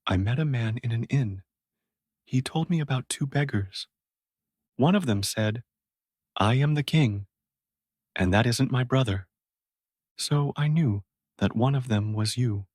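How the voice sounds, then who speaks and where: A man reading a storybook and voicing a calm, commanding knight. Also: mid-range voice, unhurried, pauses often, dry recording, studio quality, lightly acted.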